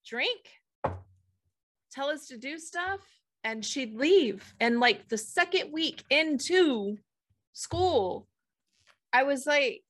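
Animated woman telling stories, fairly high voice. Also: slow pace, long pauses. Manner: animated storyteller, blunt with casual swearing. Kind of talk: casual chat, personal storytelling.

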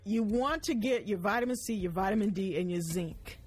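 A woman hosts a gospel radio program from the studio. Her voice is husky and a little breathy, and she talks in an easy, chatty way. She often repeats her points to drive them home. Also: mid-range voice, brisk, darkish tone. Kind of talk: casual radio chat.

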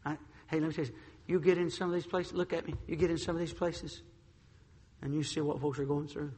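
A man preaching a sermon as pastor, swinging from hushed, tender passages to shouted, urgent appeals. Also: on the high side, flat delivery, brisk, breathy edge. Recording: reverberant hall.

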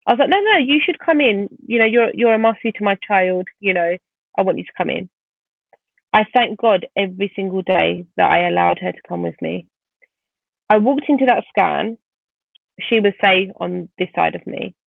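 A woman's voice: medium pitch, moderate pace, creaky, dry recording. A woman guest vividly retelling a painful personal story in conversation, speaking animatedly. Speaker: podcast guest. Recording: tinny phone-like line.

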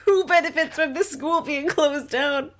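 A woman's voice: high voice, measured pace, a bit bright. A woman chatting as a podcast co-host, wry and teasing. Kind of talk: casual chat.

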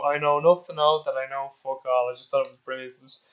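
A fast-talking Irish man hosts a relaxed interview, circling back on his words and dropping the odd swear word. His voice comes through slightly dull and muffled. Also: mid-range voice. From Ireland. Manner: rambling, repeats words, swears casually. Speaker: podcast host. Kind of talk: casual interview.

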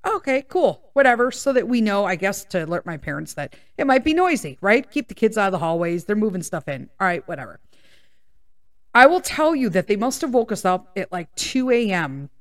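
A woman's voice: mid-range voice, sing-song, fairly quick. Woman telling a rambling, swear-filled story. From Chicago area, USA. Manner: swears a lot, rambling tangents, keeps checking in with "okay?" and "right?". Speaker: podcast host. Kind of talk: casual personal storytelling.

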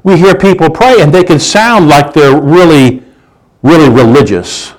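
In a poor-quality recording, a man delivers a conversational sermon at a measured pace, animated and fairly high-voiced. He frequently repeats words and throws out rhetorical questions.

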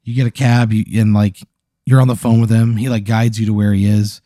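A man's voice: on the low side, little pitch movement, brisk, warm tone, no echo, studio quality. A man hosting a comedy podcast, telling a long absurd hypothetical story full of acted quotes and frequent laughs.

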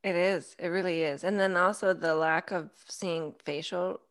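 A woman's voice: fairly low pitch, fairly even intonation, moderate pace. A woman who is a podcast regular, chatting casually and laughing easily. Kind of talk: casual chat.

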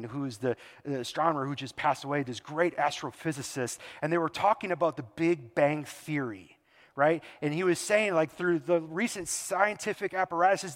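Male pastor, animated sermon delivery, high-set voice, long hall reverb. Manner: animated, rhetorical questions, acts out quoted voices.

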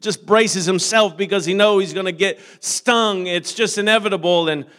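A man with a high voice preaching to a congregation. He tells stories quietly, stumbling and repeating words, then rises to loud, fervent calls. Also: moderate pace. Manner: repeats words and restarts often while telling stories. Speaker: pastor. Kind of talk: sermon.

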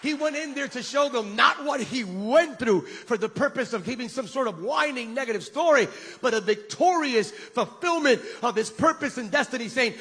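A man preaching a sermon with impassioned shouted peaks, leading his congregation in call-and-response. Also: extremely high pitch, expressive, normal speed. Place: church sanctuary. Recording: long reverb of a large hall.

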